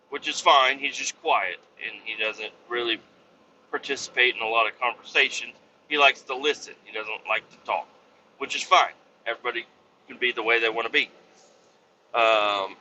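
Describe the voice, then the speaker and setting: A man's voice: mid-range voice, bright, forceful tone, dull audio, slight background noise. A man in his thirties hosting a podcast, telling stories in a rambling, profane, casual way full of restarts and fillers. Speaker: podcast host. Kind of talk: casual storytelling monologue.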